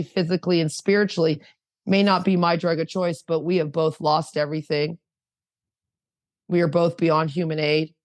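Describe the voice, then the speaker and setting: A woman's voice: medium pitch, dry recording. A woman in her fifties sharing her recovery story at an online meeting, fervent and emotional, firing off rhetorical questions over a video call. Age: 50s.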